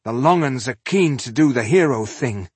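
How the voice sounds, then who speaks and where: A man voicing a gruff, defiant male dwarf crossbowman who shouts battle taunts. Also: medium pitch, lively intonation, normal speed, no room sound, voice pushed up. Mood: gruff taunting.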